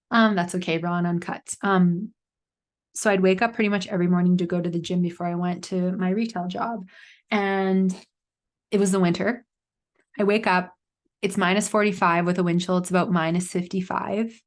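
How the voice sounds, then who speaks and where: A woman in her thirties hosting a solo podcast, telling a personal story in a chatty way with lots of fillers. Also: mid-range voice. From Canada. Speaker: podcast host. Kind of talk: casual solo podcast monologue.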